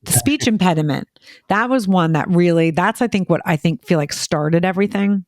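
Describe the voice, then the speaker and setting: A woman chatting casually as a parent on a podcast, telling quick, filler-heavy stories and acting out what people said. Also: lowish voice, a little mellow, no echo, clean studio sound. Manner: rapid, filler-heavy storytelling, acting out quoted voices. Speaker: parent guest.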